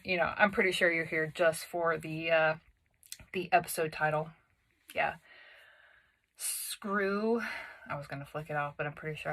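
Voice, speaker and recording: A woman's voice: deep voice, a bit bright, low-quality recording. A woman hosting a solo podcast, recorded in a home closet on a phone and computer, talking in a chatty, self-deprecating way with lots of fillers. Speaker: podcast host. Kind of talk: casual solo podcast chat.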